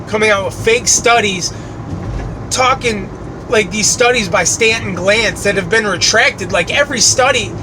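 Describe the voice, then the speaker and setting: A man in his late thirties from the United States, ranting and swearing as he drives. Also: very high-pitched. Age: late 30s. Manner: angry, swearing rant. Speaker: vlogger. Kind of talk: ranting vlog while driving. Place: inside a moving car. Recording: road and engine noise from a car.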